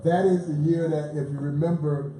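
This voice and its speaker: A man, a museum president, telling lively baseball stories as a guest at a live panel, chuckling as he goes. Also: on the high side, brisk, soft background music. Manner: animated storyteller who chuckles through his tales. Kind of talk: lively anecdotal storytelling on stage. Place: live event in a bar venue. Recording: echoey live venue, faint background noise.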